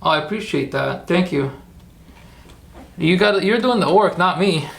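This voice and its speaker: Gravelly, chatty livestream host man. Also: high-pitched, lively intonation, measured pace. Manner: chatty, rambling, encouraging. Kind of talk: casual livestream chat.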